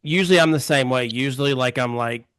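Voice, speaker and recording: A man's voice: mid-range voice, fairly quick, a bit bright, clean tone. A man co-hosting a casual film discussion, talking in an agreeable, reflective way with frequent fillers. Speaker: podcast co-host.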